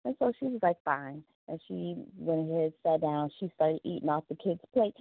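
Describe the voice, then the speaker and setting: Low gravelly lady chatting on her podcast, laughs a lot, sounds like a phone call. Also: lively intonation, brisk, dry recording. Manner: chatty, laughing, acts out little quoted voices. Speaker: podcast host. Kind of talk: casual solo podcast talk. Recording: dry tinny phone-like sound.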